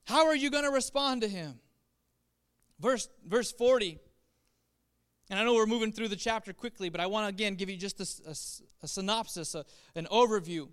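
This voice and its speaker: A man preaching a sermon as pastor, impassioned, swinging between soft reflective passages and loud urging. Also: high-pitched, a little fast, smooth.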